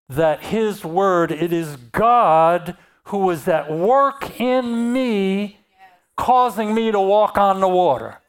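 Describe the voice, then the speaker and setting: A preacher giving a sermon, reading scripture aloud and then explaining it and repeating key phrases. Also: mid-range voice.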